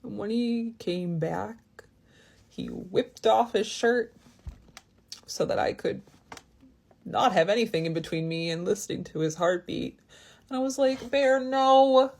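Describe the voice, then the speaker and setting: A woman's voice: mid-range voice, measured pace, creaky, pauses often, darkish tone. A woman in her thirties telling a personal story in a rambling, confiding way, with many restarts. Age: 30s. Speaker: vlogger. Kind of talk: casual storytime.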